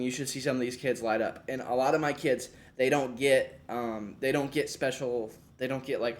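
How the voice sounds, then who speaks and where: A man's voice: mid-range voice, slight background noise. A young man, a first-year special education teacher, casually walking through a lesson plan with many fillers and restarts.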